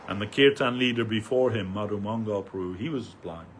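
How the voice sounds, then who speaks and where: At a temple festival, an older devotee delivers an anecdotal, meandering remembrance talk, chuckling, restarting, and using many fillers. He speaks briskly in a lowish voice, and a slight hiss or hum can be heard.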